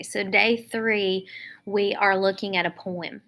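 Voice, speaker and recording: A woman teaching a phonics lesson to young children, explaining each step slowly and patiently. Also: medium pitch, fairly even intonation, a bit bright.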